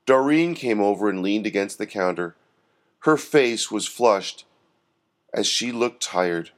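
A man hosting and narrating a Christian parable story with expressive delivery. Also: lowish voice, measured pace. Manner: expressive narration with lively intonation. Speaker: storyteller host.

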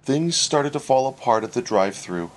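A man reading a humorous story aloud, wry and expressive. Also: medium pitch, normal speed. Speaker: narrator. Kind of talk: storybook narration.

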